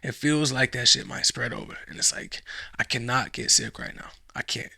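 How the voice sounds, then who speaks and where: Guy rambling on a podcast, gravelly edge, swears a lot, dry close mic. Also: medium pitch, steady tone, normal speed, pushed and bright, dry recording. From United States. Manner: rambling, profane, full of fillers and restarts. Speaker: podcast host. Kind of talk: casual rambling chat.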